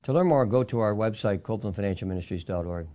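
A man reading a scripted devotional radio segment and citing scripture in a calm, measured way. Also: on the low side. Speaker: radio Bible teacher.

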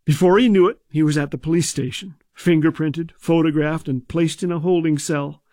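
A man's voice: a little high, steady tone, moderate pace, a little mellow, no echo. A man hosting a humor radio program, telling jokes and comic stories in a dry, scripted way. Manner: dry, joke-telling delivery. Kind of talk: scripted comedic storytelling.

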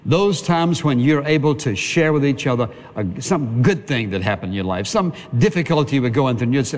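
A man preaching a sermon in a plain, conversational way, speaking straight to his congregation. His voice sits at an ordinary middle pitch. A long reverb trails behind his words, as in a large hall. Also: expressive, a little fast, hardly any pauses, a little mellow.

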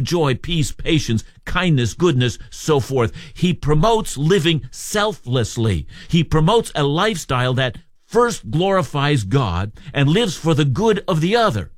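A man's voice: mid-range voice, no room sound, clean studio sound. Emphatic man preaching a Bible text. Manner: measured, emphatic expository delivery. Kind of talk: radio Bible teaching.

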